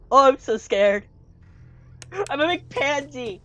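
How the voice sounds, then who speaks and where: A woman's voice: high voice, lively intonation, takes it slowly, long pauses, bright, forceful tone, highs cut off, faint music behind. A woman commentating a horror game she is playing, jumpy, screaming and swearing when startled. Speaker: let's play gamer.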